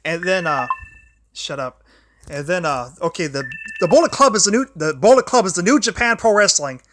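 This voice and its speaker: A man's voice: sits high, big pitch swings, a little fast, fairly bright tone, a little hiss or hum. A young man hosting a solo livestream, rambling and often restarting his sentences. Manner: grumbles at a failing charger mid-talk. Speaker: livestream host.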